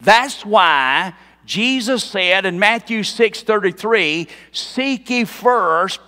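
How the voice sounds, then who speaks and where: A man's voice: sits high, bright, forceful tone, clear, resonant tone, big-room sound. A man preaching an expository sermon in a church, talking conversationally and quizzing the congregation. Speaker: pastor. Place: church sanctuary.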